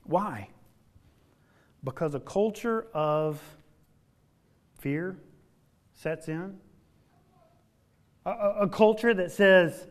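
A man preaching a sermon in a folksy way, dropping from loud emphatic lines to hushed, low ones and stretching key words for weight. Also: extremely slow, long pauses.

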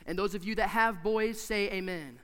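A man preaching a sermon in a church, emphatic and repetitive, swinging from hushed to loud. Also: high-pitched, normal speed, smooth, long reverb tail.

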